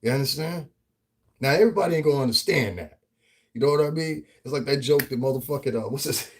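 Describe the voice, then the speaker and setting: A vlogger from the Northeastern United States delivers a casual, profane commentary rant, animated and frequently laughing. His voice is mid-range and his pace quick.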